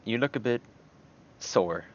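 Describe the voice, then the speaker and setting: A man voicing a gentle, proper woman cleric. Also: fairly low pitch, expressive, measured pace. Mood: polite concern. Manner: soft, concerned, proper phrasing. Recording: muffled lo-fi recording.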